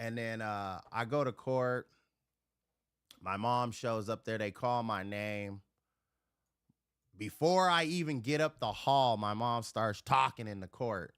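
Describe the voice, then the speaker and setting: A middle-aged man hosting a livestream, telling a rough, profane story in casual chat and acting out the voices of the people in it. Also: mid-range voice, slow, fairly bright tone, no echo, clean studio sound. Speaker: livestream host.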